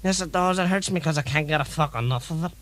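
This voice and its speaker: A crude, deadpan woman from the audience, played by a man. She has a bright tone, a slightly high voice, in a comedy sketch. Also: fast, lightly acted. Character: randy woman caller with a sex problem.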